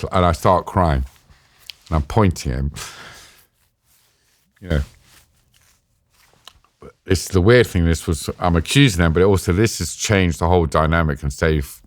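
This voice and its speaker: A British man with a deep, low voice tells a personal story in halting, emotional bursts, full of restarts and sometimes choked up. The sound is dry and close, with no room around it. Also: dry recording. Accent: British English. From Britain. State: choked up at times. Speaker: interview guest.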